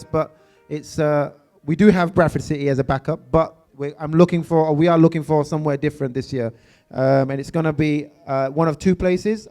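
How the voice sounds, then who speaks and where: High-pitched male awards host. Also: darkish tone. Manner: unscripted, frequent ums and uhs. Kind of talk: presenting at an awards evening.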